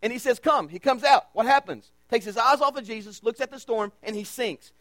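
A man preaching a sermon as pastor, emphatic and repetitive, with dramatic pauses. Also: very high-pitched, fairly bright tone, no echo. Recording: dry with mains hum.

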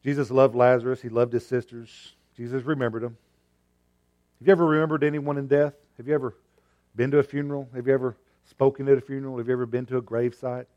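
A man preaching a sermon, asking rhetorical questions and swinging between loud and quiet delivery. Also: mid-range voice, flat delivery, quick pace, muffled recording.

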